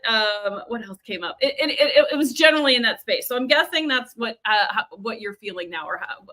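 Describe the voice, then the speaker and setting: Bright, fairly high female coach, chatty, upbeat delivery with frequent restarts and repeats, close webcam mic, live training session. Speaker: video and growth coach.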